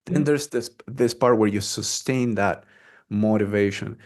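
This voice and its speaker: A man's voice: fairly low pitch, unhurried, a little mellow. A man hosting a podcast interview, talking through ideas and often checking in with "right?". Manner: thoughtful, restarts sentences, asks "right?". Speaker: podcast host. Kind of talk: casual interview talk.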